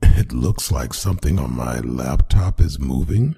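A man with a deep voice performing a one-sided boyfriend role-play audio drama, talking to an unheard partner with soft, drawn-out endearments. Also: lively intonation, creaky, breathy edge. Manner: talks to an unheard partner, answering her unseen replies.

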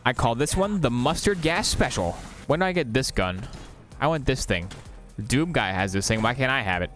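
A man's voice: medium pitch, moderate pace, soft background music. Ranting male game streamer. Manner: animated, ranting, jokey. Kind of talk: casual gameplay commentary.

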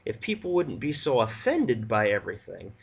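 A man's voice: fairly low pitch, sing-song, moderate pace, vocal fry, breathy edge. Blunt, sarcastic male reviewer. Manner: blunt, sarcastic, dragging words for effect.

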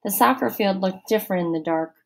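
A woman reading a children's novel aloud in the first person. Her reading is steady and expressive, at a middling pitch. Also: fairly quick, creaky, low-quality recording. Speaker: audiobook narrator. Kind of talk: first-person storybook narration.

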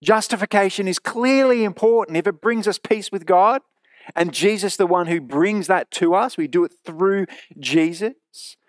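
A man preaching a sermon in a church, earnest and emphatic, slowing down to repeat key phrases. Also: high voice, no echo, studio quality.

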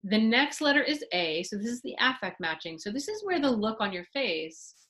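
A middle-aged woman teaches a parenting technique in a webinar. Her voice sits a little high, and she talks in an animated way, slipping into short acted examples of parents and children as she explains. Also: normal speed, low-quality recording. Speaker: parenting therapist giving a webinar.

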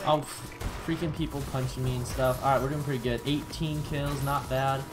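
A man giving chatty, excitable commentary on his own gameplay, with bursts of surprise and self-mocking asides. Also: medium pitch, moderate pace. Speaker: gaming YouTuber. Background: background music.

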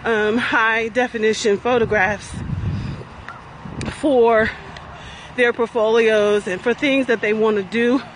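Speaking slowly with long pauses and a steady tone, a middle-aged woman with a voice on the high side live-streams from her phone on a path by a pond. The investment coach and vlogger is upbeat, chatty, out of breath and self-encouraging. The audio is poor, with a little hiss or hum.

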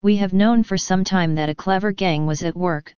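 A woman's voice: on the low side, normal speed, darkish tone, clear, resonant tone, dry recording, lo-fi sound, lightly acted. Hearty police inspector, as a woman reads him. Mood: brisk. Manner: confident, jovial.

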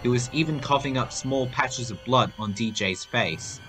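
A man's voice: medium pitch, moderate pace. A man narrating a homemade horror story aloud. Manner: reading aloud, animated. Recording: faint music behind voice.

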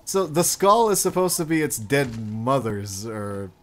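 A man's voice: medium pitch, very animated, measured pace, a bit bright. A man streaming a game while chatting casually, rambling and swearing now and then.

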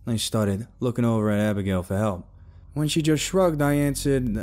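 A man narrating a first-person story in a rough, casual tough-guy way, with plenty of swearing, over faint music. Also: mid-range voice, moderate pace, darkish tone.

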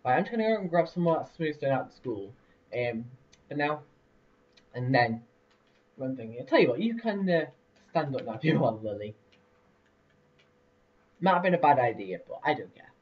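A man's voice: mid-range voice, big pitch swings, normal speed, pauses often. A young man casually commentating a building game, rambling with lots of fillers and laughs. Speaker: let's play host. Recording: distant lo-fi mic.

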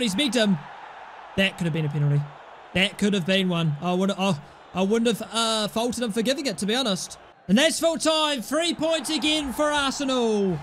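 A young man commentating his own football video game, swinging from low muttered asides to excited yells at the screen. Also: a little hiss or hum. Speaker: gaming YouTuber. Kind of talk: live gameplay commentary.

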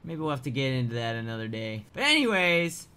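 A man giving let's play commentary as a gaming YouTuber, excitable and swearing, often yelling in surprise. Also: medium pitch, fairly quick, smooth. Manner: excitable, swearing, frequent startled outbursts.

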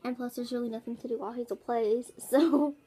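A woman's voice: fairly high pitch, steady tone, fairly quick, dark tone, slightly rough. A young woman filming a casual vlog at home, rambling and tired, saying "like" a lot. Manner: rambling, bored, says "like" often. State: tired, yawning. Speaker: vlogger. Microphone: phone camera.

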